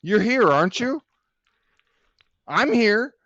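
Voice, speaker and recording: Guy ranting and cussing on a stream panel, kinda high voice, dry muffled call audio. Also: big pitch swings, takes it slowly, a bit bright, dry recording. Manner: angry, profane, jeering rant. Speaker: panel guest. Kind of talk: heated livestream panel rant.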